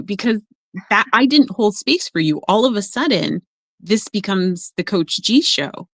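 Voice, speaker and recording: A woman who works as an emotional coach, talking in a casual podcast conversation and telling stories with lively acted-out voices. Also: medium pitch, unhurried, no room sound. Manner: animated storyteller, acts out quoted voices.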